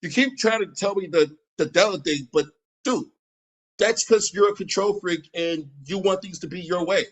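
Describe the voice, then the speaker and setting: Profane, combative man, high voice. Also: normal speed, poor audio. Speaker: streamer reacting to a video. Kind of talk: heated reaction commentary.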